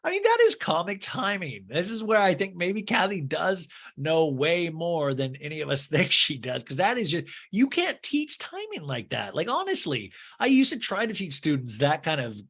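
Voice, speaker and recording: A man's voice: on the high side, huge pitch swings, moderate pace, few pauses, fairly bright tone. A man hosting a podcast and recapping a reality TV episode with sarcastic, exasperated commentary. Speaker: podcast host. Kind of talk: comedic TV recap.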